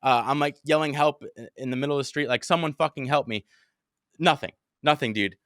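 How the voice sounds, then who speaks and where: Cursing freely, a young podcast host rushes through a story in casual chat, his voice mid-range, bright and forceful, and fairly quick. He performs his own shouts and panicked thoughts as he goes. The sound is close and dry, with no echo.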